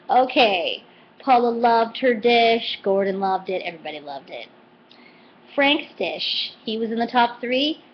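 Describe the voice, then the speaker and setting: A woman vlogger chatting casually and animatedly as she recaps a TV cooking show episode. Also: on the high side. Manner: chatty and animated, quoting with put-on voices. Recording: slightly dull lo-fi home recording with faint noise.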